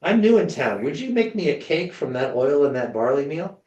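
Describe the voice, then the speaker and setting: A man's voice: fairly high pitch, very animated, moderate pace, darkish tone, echoey room, muffled recording, voice pushed up. A man voicing a casual, cheeky male prophet newly arrived in town, in a raised retelling voice. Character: breezy male prophet stranger, newcomer in town.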